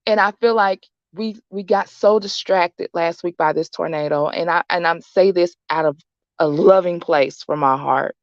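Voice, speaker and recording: Female host, late 30s, slightly low voice, repetitive motivational rambling, lo-fi sound. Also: moderate pace, no echo. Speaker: show host. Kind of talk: casual motivational talk.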